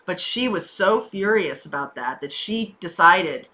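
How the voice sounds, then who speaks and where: A woman's voice: lowish voice, lively intonation, unhurried, pushed and bright. A woman giving a casual tarot reading, conversational and reassuring, with frequent fillers. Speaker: tarot reader.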